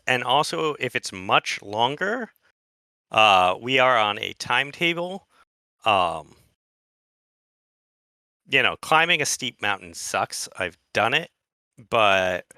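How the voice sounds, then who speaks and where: A man co-hosting a podcast in casual chat, talking slowly and deliberately with hesitant restarts. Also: mid-range voice, sharp tone, no room sound, clean studio sound. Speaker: podcast co-host.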